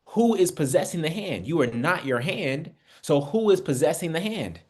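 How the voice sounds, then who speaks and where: His voice sits a little high, mellow yet slightly rough, with lively intonation at a normal speed. He teaches an online Bible study, preaching conversationally, addressing everyone as family and asking rhetorical questions in this spiritual lesson.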